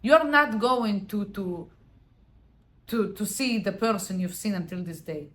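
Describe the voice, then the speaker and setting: A woman's voice: mid-range voice, a little slow, fairly bright tone, slight background noise. Woman vlogger, earnest and emphatic, motivational chat to camera.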